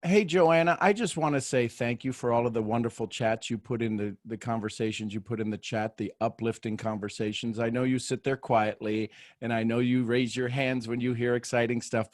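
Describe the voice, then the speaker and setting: Guy running a morning coaching call, soft and gentle, asks permission first, dry close sound. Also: mid-range voice, dry recording. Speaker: host and coach. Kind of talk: live group coaching call.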